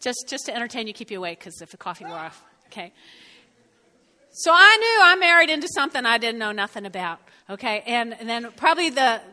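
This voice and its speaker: A middle-aged woman from North Jersey with a New Jersey accent, giving an animated sermon and often checking in with her listeners. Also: fairly high pitch, big-room sound. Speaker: speaker. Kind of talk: sermon with personal storytelling.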